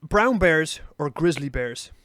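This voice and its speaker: A young Irish man co-hosting a podcast, telling a story in casual, animated chat and swearing freely. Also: a little high, slow pace, no room sound, studio quality. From Ireland. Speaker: podcast co-host.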